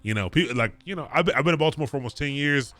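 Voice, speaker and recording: A man's voice: a little high, lively intonation, racing, fairly bright tone, no echo, soft background music. A young man from near Washington DC teaching a live coding lesson, explaining step by step and reassuring viewers as he answers chat. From Prince George's County, near Washington DC. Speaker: coding bootcamp instructor. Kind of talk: live-streamed lecture.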